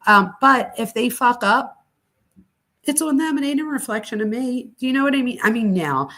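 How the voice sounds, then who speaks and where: A woman's voice: on the high side, lively intonation, normal speed, bright, forceful tone. A middle-aged woman hosting a live psychology talk stream, speaking candidly and chattily with casual swearing. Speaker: host.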